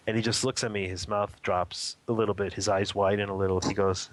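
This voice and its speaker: A man's voice: lowish voice, flat delivery, brisk, few pauses. A man, a spiritual teacher, telling a personal story in a radio interview, earnest and vivid, often rephrasing as he describes what he saw.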